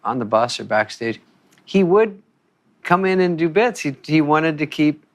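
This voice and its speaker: A man's voice: fairly high pitch, animated, measured pace. A man chatting casually and agreeably in an interview, talking about fellow comics.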